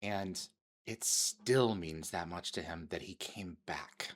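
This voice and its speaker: A middle-aged man hosting an interview, talking earnestly and haltingly with many restarts. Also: low voice. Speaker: host. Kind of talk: interview talk.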